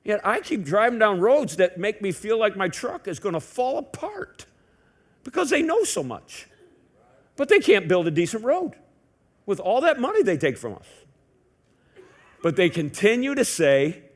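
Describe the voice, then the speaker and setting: A man delivers a sermon from a church pulpit with a lively, swooping delivery that climbs and drops widely. He talks to the congregation like a friend, firing rhetorical questions and slipping in wry jokes. His voice sits high for a man. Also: moderate pace, pauses often. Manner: conversational preaching with rhetorical questions and joking asides. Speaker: pastor. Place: church sanctuary.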